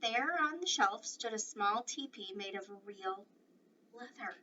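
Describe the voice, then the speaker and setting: A woman reading a children's novel aloud in an expressive, varied way. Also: medium pitch, a little slow. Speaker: reader. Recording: distant dull mic with faint noise.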